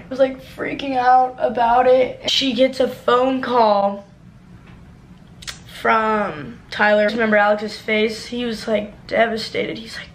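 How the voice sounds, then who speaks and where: A woman's voice: on the high side, fairly even intonation, slight background noise. A young woman telling a dramatic story in a casual vlog, peppered with "like" and swearing. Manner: casual, rapid, full of "like" and swearing.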